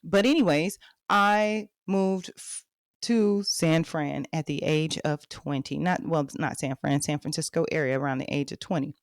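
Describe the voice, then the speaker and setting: This thirty-something woman with a Texan accent tells her own life story frankly on her podcast, addressing listeners head-on. She has a deep voice and a measured pace, and the recording is dry and studio-clean.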